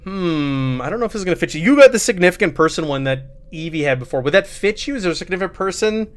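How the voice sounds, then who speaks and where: A man narrating as game master of a tabletop horror game, in an animated way. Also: high-pitched, fast talker.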